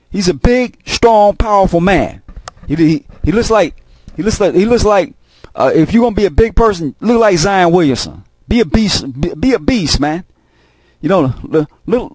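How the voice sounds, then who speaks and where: A man's voice: sits high, darkish tone, no echo. Profane rambling man, dry close sound. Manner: rambling, repeats himself, heavy cursing. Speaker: host of a video channel. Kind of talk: casual profane monologue.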